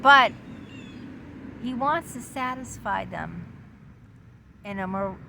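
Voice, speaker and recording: Woman psychology teacher, casual lesson, slow, animated, outdoor traffic noise. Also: medium pitch, gravelly. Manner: chatty, playful, repeats and restarts.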